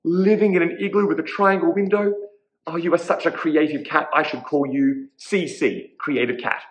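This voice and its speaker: A man voicing a small, fretful little witch woman in a children's story, talking high and apologising in a fluster. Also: unhurried, a bit bright, roomy sound, highs cut off, close to an everyday voice. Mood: delighted.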